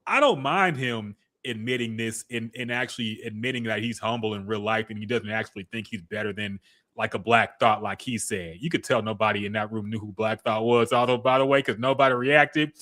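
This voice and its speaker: A man co-hosting a podcast, giving animated, casual opinions with swearing and quick bursts. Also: lowish voice. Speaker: podcast co-host.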